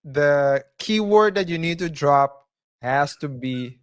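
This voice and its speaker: A man co-hosting a casual commentary podcast, speaking haltingly, restarting sentences and chuckling often. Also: fairly high pitch, expressive, clean tone. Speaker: podcast co-host.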